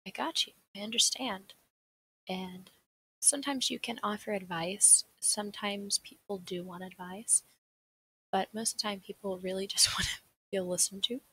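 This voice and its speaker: Chatty and prone to rambling, a young Southern American woman laughs frequently while giving a livestreamed seminar. Her mid-range voice sounds creaky, pushed and bright. The low-quality desk-mic recording carries a little hiss or hum.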